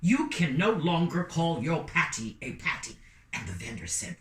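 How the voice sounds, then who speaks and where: A woman telling a story in an animated, playful way, calling out to her listeners. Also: deep voice, moderate pace, recorded from a distance. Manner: lively, playful, calls out to listeners. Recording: roomy sound from away from the mic.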